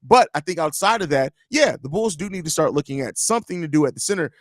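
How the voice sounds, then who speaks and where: Male podcast host, 30s, loose joking storyteller, higher-pitched, recorded close and dry. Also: expressive, fast, no echo. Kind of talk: casual live-stream chat.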